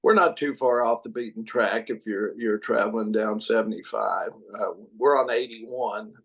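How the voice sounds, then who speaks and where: A man's voice: on the low side, steady tone, normal speed, fairly bright tone, slightly rough. A retired man, a regular podcast guest, chatting casually and telling rambling stories with frequent laughs. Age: older. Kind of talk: casual chat. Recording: slightly dull lo-fi sound.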